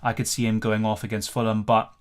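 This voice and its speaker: A man's voice: fairly low pitch, little pitch movement, brisk. A man hosting a live fantasy football Q&A stream, chatting casually, thinking aloud and answering viewer comments.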